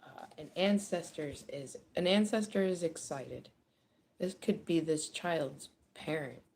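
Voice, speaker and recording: A woman giving a casual tarot reading, chatty and animated, with frequent laughter and swearing. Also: low voice, unhurried, creaky, a little hiss or hum. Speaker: tarot reader. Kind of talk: casual spoken card reading.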